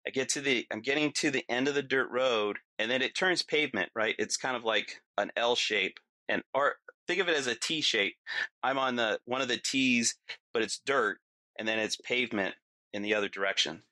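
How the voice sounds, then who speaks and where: A middle-aged man as a podcast guest, telling a story in casual talk, animated and laughing often, acting out what people said. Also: mid-range voice, moderate pace, dry recording.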